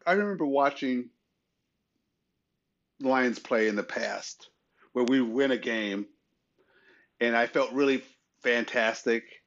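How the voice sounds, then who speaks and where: A man's voice: medium pitch, takes it slowly, long pauses, a bit bright. Chatty man, slightly muffled audio. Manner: conversational, rising with enthusiasm, frequent "you know". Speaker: podcast co-host. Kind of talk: casual sports chat.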